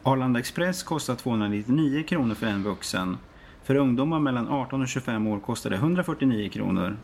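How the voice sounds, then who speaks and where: A man playing a helpful airport information desk clerk who talks fast in a scripted practice dialogue. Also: medium pitch, animated, darkish tone, slight background noise, lightly acted. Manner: fast, matter-of-fact helpfulness.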